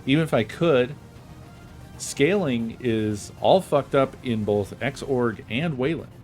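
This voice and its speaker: A man's voice: mid-range voice, expressive, slow, darkish tone, soft background music. A man streaming a game, venting in a casual, frustrated way and swearing often; he says he is not feeling well. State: feeling unwell. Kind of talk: casual gaming stream chat.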